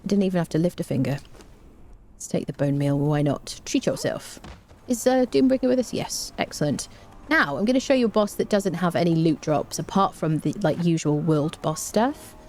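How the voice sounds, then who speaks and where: A woman's voice: fairly low pitch, expressive, brisk, a little mellow, a little hiss or hum. Chatty woman narrating gameplay. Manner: chatty, hums and sings little tunes. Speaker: let's play host. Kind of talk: casual gameplay commentary.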